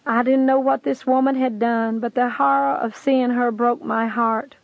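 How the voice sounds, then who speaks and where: A woman's voice: fairly high pitch, flat delivery, moderate pace, gravelly, no echo, phone-quality sound. A woman giving an earnest, pleading testimony, telling her story and urging the listener to believe. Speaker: testimony speaker. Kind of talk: preached testimony narration.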